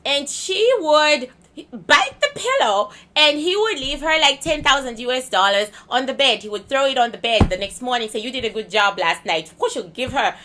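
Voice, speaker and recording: Blunt, bright-voiced woman vlogger. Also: high-pitched, moderate pace, a little hiss or hum. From Zimbabwe. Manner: blunt, candid storytelling with crude language; animated, swings loud and laughing. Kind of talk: casual rambling monologue.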